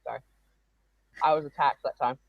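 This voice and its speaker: A woman with a very deep, steady voice and noticeable vocal fry hosts a live broadcast from home at a normal pace. She chats through a long, rambling story, breaking off frequently for asides, and the live-stream audio sounds dull and dry.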